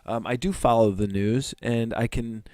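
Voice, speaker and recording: A man's voice: mid-range voice, steady tone, normal speed, a little mellow, dry recording, studio quality. A man hosting his own video, talking in a meandering, musing way with the odd blunt curse. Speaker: vlog host. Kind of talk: casual rambling monologue.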